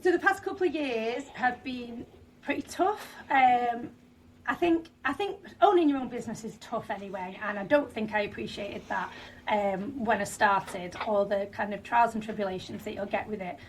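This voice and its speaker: A woman's voice: a little high, normal speed, a little hiss or hum. Northern English woman, 30s, podcast guest; talkative, full of fillers, slightly distant from the mic. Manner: chatty, many fillers and restarts. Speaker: franchisee guest. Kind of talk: podcast interview.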